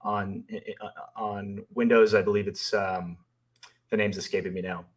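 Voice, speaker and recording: A man's voice: fairly low pitch, level tone, moderate pace. A man co-hosting a live stream, reading viewer questions aloud and answering them in a thoughtful, hesitant way with many fillers. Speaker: co-host and company founder.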